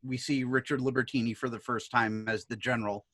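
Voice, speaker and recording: A man's voice: mid-range voice, fairly even intonation, brisk, fairly bright tone, dry recording. A man co-hosting a film review podcast, recounting a movie with enthusiasm. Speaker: podcast co-host reviewing films. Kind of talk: casual chat.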